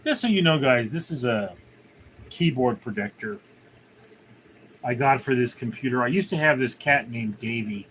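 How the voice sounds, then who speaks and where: A man's voice: medium pitch, expressive, moderate pace, pauses often, a bit bright, a little hiss or hum. A man hosting his own livestream, chatting casually, rambling through jokes and reading viewer comments aloud from his computer at home. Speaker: livestream host.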